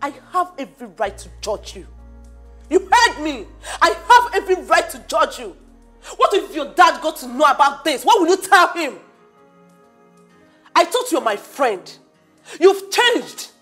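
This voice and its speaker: An indignant, scolding friend. Her voice is high, and her pitch swings in lively jumps. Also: measured pace, faint music behind, heavily acted. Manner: scolding, incredulous.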